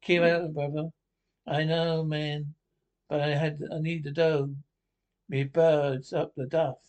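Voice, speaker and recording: An actor playing a coarse, cheeky Scottish pensioner in a TV sitcom, with gruff, sweary banter. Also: male voice, fairly high pitch, flat delivery, slow, a little mellow, poor audio. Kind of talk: TV sitcom acting.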